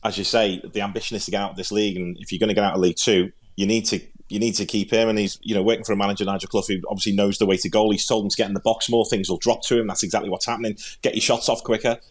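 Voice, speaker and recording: A man's voice: lowish voice, level tone, rapid-fire, few pauses. A man with a Liverpool accent, co-hosting a football podcast in casual, rambling chat, often repeating words as he thinks. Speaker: podcast co-host and pundit.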